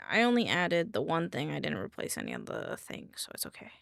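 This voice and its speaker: Goofy Southern streamer woman, gravelly. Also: deep voice, wildly swooping pitch, brisk, few pauses, fairly bright tone, no echo, studio quality. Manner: goofy, rambling, talks to chat. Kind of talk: casual live-stream chat.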